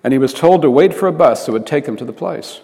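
A man's voice: on the high side, lively intonation, quick pace, creaky, dark tone. A man preaching by telling a story, in an earnest manner that often restarts phrases. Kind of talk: storytelling sermon. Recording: reverberant hall.

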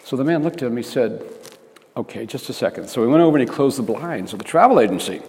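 A man's voice: mid-range voice, lively intonation, very fast, darkish tone. A man preaching by telling a story, in an earnest manner that often restarts phrases. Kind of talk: storytelling sermon. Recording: reverberant hall.

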